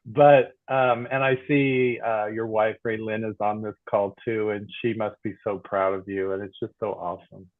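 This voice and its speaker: A man in his sixties telling a personal story on a panel, emotional and halting, over a video call. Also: on the low side, level tone. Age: 60s. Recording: tinny phone-like line.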